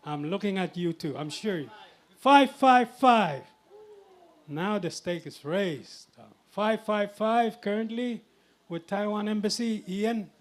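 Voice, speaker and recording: A man's voice: high-pitched, fairly even intonation, measured pace. A man running a live charity auction at a public event, calling out bids in a jovial, teasing way.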